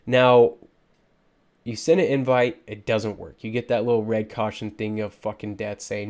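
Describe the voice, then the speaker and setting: A man's voice: fairly low pitch, level tone, normal speed, a little mellow. A man giving frustrated, ranting commentary over gameplay footage, with lots of fillers and restarts. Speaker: gaming YouTuber.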